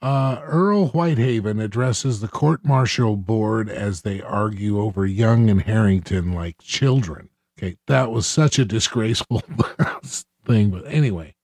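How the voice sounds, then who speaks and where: A man's voice: on the low side, unhurried, hardly any pauses, a little mellow, dry recording. A man co-hosting a book discussion podcast, reading a novel passage aloud and raising his voice for the dramatic lines. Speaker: book club podcast co-host. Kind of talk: casual chat, reading a quote aloud.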